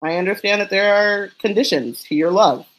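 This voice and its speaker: A woman's voice: mid-range voice, rough recording. Teasing woman podcast co-host. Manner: teasing, quick joking asides. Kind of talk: casual chat.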